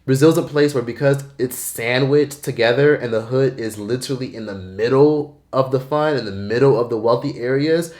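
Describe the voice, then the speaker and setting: A man talking bluntly and emphatically in a casual commentary vlog, swearing freely. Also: mid-range voice. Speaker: vlogger.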